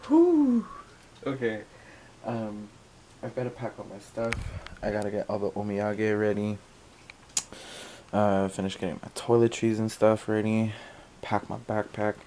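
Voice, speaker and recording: Give me a teary young man, talking slowly and softly at home late at night, with a faint hum behind him. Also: on the low side, level tone, low-quality recording. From Hawaii. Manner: rambling, soft, with many fillers and nervous laughs. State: emotional, teary. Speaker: vlogger. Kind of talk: casual late-night vlog talk.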